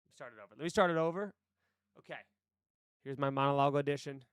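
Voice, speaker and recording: A man's voice: medium pitch, fast talker, pauses often, smooth, no room sound, studio quality. A man live-streaming, chatting loosely in a stream-of-consciousness ramble, swearing freely and talking to his viewers. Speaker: streamer and actor. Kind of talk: casual live-stream chat. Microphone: desk mic with headphones.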